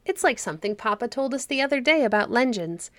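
A woman's voice: on the high side, expressive, fast, dry recording, voice pushed up, lightly acted. A woman reading an eager chattering girl. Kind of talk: storybook reading.

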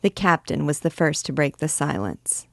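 A woman reading a classic novel aloud in a clear, measured storytelling voice. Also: low-pitched, expressive, a bit bright, no room sound, clean studio sound. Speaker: literature teacher reading aloud.

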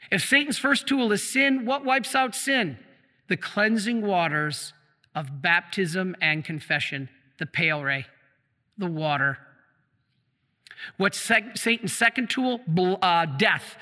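A man preaching a sermon as a priest, asking the congregation questions and answering them himself, slowing and dropping low for emphasis. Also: bright, forceful tone. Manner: slows down and drops low for emphasis. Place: church. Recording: long echo of a church hall.

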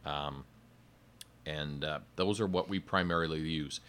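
A man with an extremely deep voice and a bright, forceful edge. He speaks as a cigar sales rep, explaining in detail in a playful way during a casual podcast chat. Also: a little slow, a little hiss or hum.

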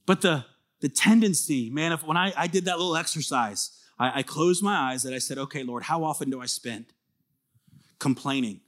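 A man preaching a sermon as pastor, earnest and conversational, swinging from emphatic bursts to soft confiding asides. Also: fairly high pitch, moderate pace.

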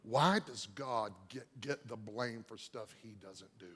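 A pastor delivering a dynamic sermon, swinging from loud shouting to quiet murmurs. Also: male voice, medium pitch, a little slow, breathy edge. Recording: long hall reverb.

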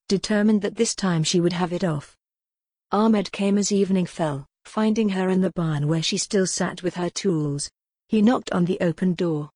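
A woman narrating a gothic novel in an even, steady storytelling voice. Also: fairly low pitch, breathy edge, no room sound, studio quality. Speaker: audiobook narrator.

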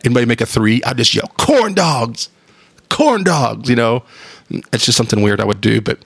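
A man's voice: mid-range voice, creaky, no room sound. A man, hosting a casual solo monologue, rambling and enthusiastic with casual swearing. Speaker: podcast host.

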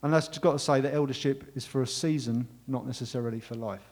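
A man's voice: medium pitch, steady tone, fast. A man preaching a sermon as pastor, earnestly thanking his congregation and leading a closing prayer. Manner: earnest, warm, emotional thanks.

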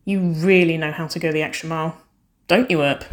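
A woman's voice: deep voice, fairly even intonation, a little fast, close to an everyday voice. A cheeky young woman firefighter who laughs off her scars with jokes about being a hero, voiced by a woman reading aloud. She teases and grins as she talks, playful and easy in a storybook reading. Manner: cheeky, joking, grinning.

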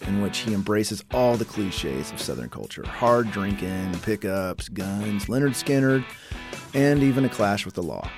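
A man hosting a casual explanatory talk, chatty, reading quotes aloud and breaking off for his own asides. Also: fairly low pitch. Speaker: podcast host.

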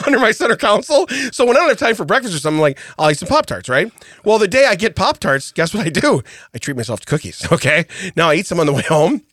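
A man's voice: high-pitched, dry recording, clean studio sound. A middle-aged man co-hosting a podcast, telling a story with lots of laughs and frequent "okay?" asides. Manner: animated storyteller, laughs often, says "okay?" a lot. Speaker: podcast co-host. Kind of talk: casual comedic chat. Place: podcast studio. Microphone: studio mic.

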